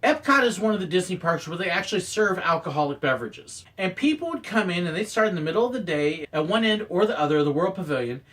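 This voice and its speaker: Lively man telling work stories. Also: high voice, fast, few pauses, recorded from a distance. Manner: animated, acts out quoted moments with sudden loud bursts. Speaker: former theme park photographer sharing stories. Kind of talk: casual storytelling monologue.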